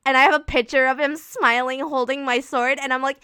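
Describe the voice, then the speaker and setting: High, bright-voiced excitable fangirl woman. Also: brisk, smooth, dry recording. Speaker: livestreamer answering chat. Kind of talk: casual livestream chat.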